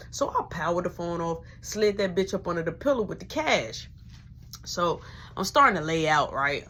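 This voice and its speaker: A young woman with a husky, breathy voice tells a personal story in loose, slangy, profanity-laced chat. She keeps a casual storytime flow and slips into hushed whispers whenever she quotes someone. Her pitch sits in an ordinary middle range. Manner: profane, slangy, drops into whispers when quoting people.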